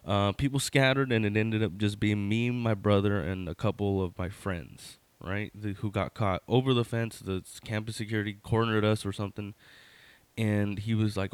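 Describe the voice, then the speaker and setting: A middle-aged man with a low voice tells a story from his own life in a loose, casual way. He rambles and corrects himself, tossing in fillers and wry "right?" asides. The sound is dry and close, with no room echo. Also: normal speed, clear, resonant tone. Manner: wry, conversational, addresses listener with "right?".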